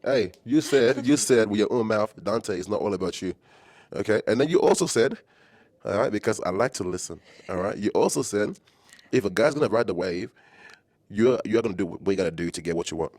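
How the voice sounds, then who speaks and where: A man's voice: fairly low pitch, fairly quick, darkish tone, no echo. A man hosting a podcast, laid-back and teasing, with casual slangy talk. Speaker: podcast host.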